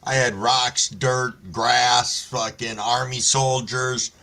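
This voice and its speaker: A man's voice: mid-range voice, steady tone, takes it slowly, bright, forceful tone. A man hosting a casual live stream, telling stories in a laid-back way with lots of swearing and greeting viewers by name. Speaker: livestream host reading chat.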